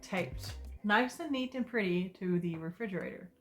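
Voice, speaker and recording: A woman's voice: medium pitch, animated, moderate pace, soft background music. A woman telling a storytime vlog from her sister's couch, talking casually with exasperated, sarcastic asides. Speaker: vlogger. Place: sister's living room couch.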